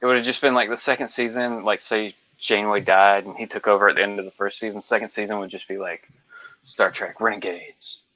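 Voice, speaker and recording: Joking male co-host, forceful bright tone, dry and slightly muffled recording. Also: fairly low pitch, fairly even intonation, fairly quick, dry recording. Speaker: podcast co-host. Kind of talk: casual fan chat.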